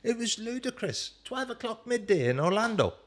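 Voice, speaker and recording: A man, a former footballer and co-host, telling anecdotes in a casual chat with lively quoting and laughter. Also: high-pitched, normal speed.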